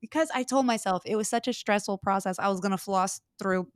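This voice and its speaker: A woman's voice: medium pitch, fairly quick, dry recording, studio quality. A woman podcast host and mother in casual chat, chatty and giggly, rambling as she talks. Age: adult with children.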